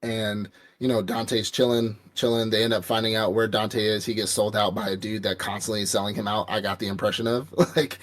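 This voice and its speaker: A man's voice: on the low side, fairly even intonation, fairly quick, hardly any pauses, a bit bright. A man casually recapping an anime on a podcast, rambling and profane, acting out quotes from the characters. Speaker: podcast co-host. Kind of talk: casual anime review chat.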